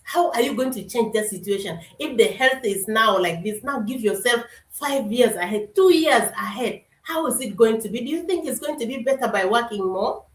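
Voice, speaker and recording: A middle-aged woman with a fairly high voice, giving an earnest motivational talk and calling her listeners brother and sister. She often repeats and restarts her words as she presses her point. She sounds a little away from the mic, in a roomy, echoing space. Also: animated, normal speed, few pauses. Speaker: motivational speaker. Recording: echoey room, voice from a distance.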